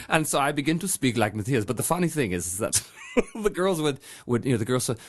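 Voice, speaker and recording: A man hosting a podcast, telling a story in a casual, animated way, laughing often and slipping into put-on accents. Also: lowish voice, moderate pace. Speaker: podcast host. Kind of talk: casual interview chat.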